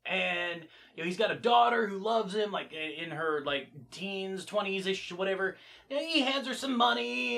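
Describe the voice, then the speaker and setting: A man chats through a movie recap in a casual vlog, rambling and full of fillers. His voice sits high and bright, and he sounds animated as he narrates. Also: normal speed, gravelly. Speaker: movie reviewer.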